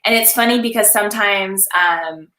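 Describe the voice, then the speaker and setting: A young woman with a bright, forceful voice talks in a lively, animated way and keeps breaking into laughter. She acts out short scenes as she chats. The sound carries some room echo. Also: mid-range voice, normal speed. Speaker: confidence coach, guest. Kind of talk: casual live-stream chat.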